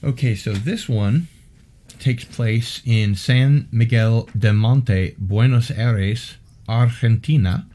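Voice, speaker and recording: A man hosting a podcast interview, reading case reports aloud in a steady way and dropping dry, wry asides. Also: mid-range voice, slow. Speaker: podcast host.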